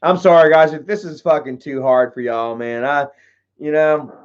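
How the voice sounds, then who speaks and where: A man with a high-pitched voice hosts a casual livestream, rambling through a story with heavy swearing and constant filler. The audio is dull and lo-fi, like a basic stream mic. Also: moderate pace, clear, resonant tone. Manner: rambling, heavy swearing, frequent "you know" and "bro". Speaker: livestream host answering chat.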